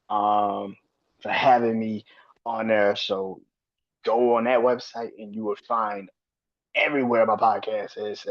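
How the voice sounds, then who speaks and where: A man in his thirties hosting his own sports podcast, talking loosely and swearing freely, his voice jumping high when he rants. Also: fairly bright tone, muffled recording. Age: 30s. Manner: loose and profane, rants with sudden high-pitched outbursts. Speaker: podcast host. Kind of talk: casual solo sports podcast.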